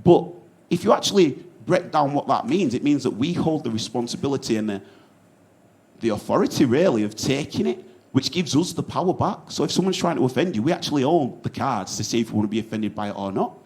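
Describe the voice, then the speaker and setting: Yorkshire comedian, lively pitch. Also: male voice, a little fast. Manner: earnest storytelling, casual swearing. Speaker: stand-up comedian. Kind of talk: stand-up set.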